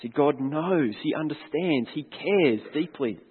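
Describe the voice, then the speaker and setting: A man's voice: fairly high pitch, expressive, measured pace, husky. A man preaching a sermon as a pastor, earnest and reflective, putting questions to his congregation. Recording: long hall reverb, tinny phone-like sound.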